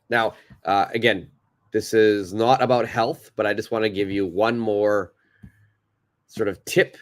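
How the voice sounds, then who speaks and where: A man's voice: lowish voice, measured pace. A man teaching an English lesson, explaining grammar patiently and repeating each example. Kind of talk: live online English lesson.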